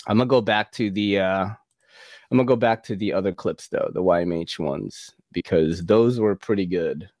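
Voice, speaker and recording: A man's voice: low-pitched, normal speed, darkish tone, dry recording, studio quality. A man hosting a casual livestream, chatting loosely, swearing and laughing as he plays clips. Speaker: livestream host.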